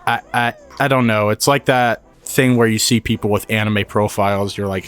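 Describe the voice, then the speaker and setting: A man's voice: fairly low pitch, little pitch movement, moderate pace, a bit bright, clear, resonant tone, faint music behind. A man co-hosting a let's-play, joking and rambling in playful, casual banter. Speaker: gaming co-host.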